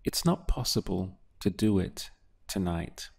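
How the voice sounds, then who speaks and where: A man teaching a beginner language lesson, asking patient prompts and then giving clear model answers. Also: deep voice, expressive, a little slow, darkish tone. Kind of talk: slow, deliberate language lesson with pauses.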